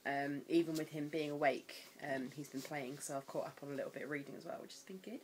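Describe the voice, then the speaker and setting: A woman chatting casually in a home vlog, sometimes breaking into high baby talk. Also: fairly even intonation, quick pace, hardly any pauses, a little hiss or hum, poor audio. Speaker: vlogger.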